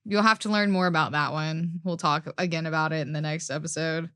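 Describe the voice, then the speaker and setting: A young woman co-hosting a podcast in casual chat, relaxed and chatty and quick to laugh. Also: low-pitched, smooth, no room sound, clean studio sound. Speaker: podcast co-host.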